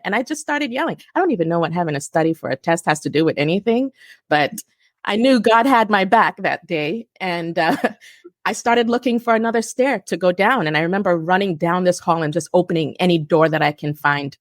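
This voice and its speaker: A woman in her forties, a guest telling a personal story in a halting way with restarts and self-corrections. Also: on the low side, lively intonation, dry recording, studio quality. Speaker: guest survivor.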